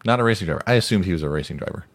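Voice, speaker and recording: A man's voice: low voice, lively intonation, very fast. A man co-hosting a casual podcast, chatty and self-mocking. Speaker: podcast co-host. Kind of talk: casual chat.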